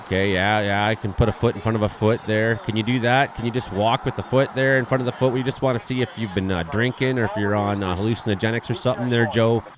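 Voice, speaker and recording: A man's voice: lowish voice, fairly even intonation, quick pace, hardly any pauses, crowd noise. A man with a Canadian accent giving casual, sarcastic running commentary over a roadside video, swearing freely and using plenty of fillers. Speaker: host of a weather and video-review show.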